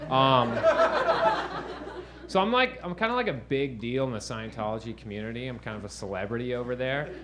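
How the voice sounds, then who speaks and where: A man's voice: mid-range voice, animated, a little fast, very noisy. A man doing stand-up, telling a rambling, profane story and asking the crowd "right?" over and over. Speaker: stand-up comedian. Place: comedy stage before a live audience. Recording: live room with audience laughter.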